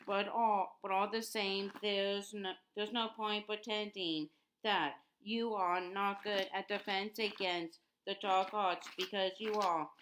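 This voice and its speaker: A woman voicing an earnest, bossy teenage schoolgirl witch in her own voice, with halting restarts. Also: mid-range voice, fairly bright tone, a little hiss or hum, poor audio. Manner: insistent, restarting often.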